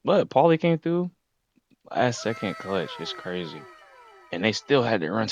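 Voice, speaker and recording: A young man casually recapping a story in heavy slang, jumping into loud shouted impressions of the characters. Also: fairly low pitch, big pitch swings, unhurried. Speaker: anime recap host. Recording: slightly muffled lo-fi recording.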